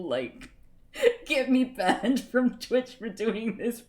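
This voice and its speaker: A woman's voice: a little high, sing-song, slow. A woman streamer chatting casually and self-mockingly between readings on a livestream.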